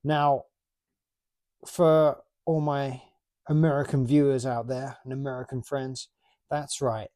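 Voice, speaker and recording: A man's voice: medium pitch, level tone, takes it slowly, pauses often, mellow. A man in his late forties from the UK, chatting casually and rambling about his toy collection. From United Kingdom. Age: 40s. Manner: rambling, chatty, self-mocking.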